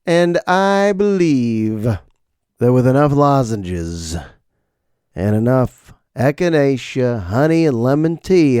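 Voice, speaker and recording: A man hosting a podcast while sick, with his voice partly gone, doing a rambling comic monologue. His voice swings between high squeaks and low mutters. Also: creaky, a little mellow, dry recording, clean studio sound. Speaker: podcast host.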